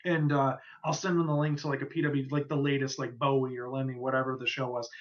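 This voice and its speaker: A man's voice: medium pitch, level tone, quick pace, muffled recording. A man co-hosting a casual podcast, telling rambling stories and swearing casually. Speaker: podcast co-host.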